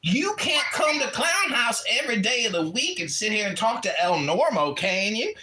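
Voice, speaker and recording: A man putting on the voice of a loud, scornful male American patriot who rants and shouts in a wailing tone. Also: high voice, sing-song, moderate pace, roomy sound, exaggerated voice. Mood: scolding. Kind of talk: mocking character voice in an audio chat room.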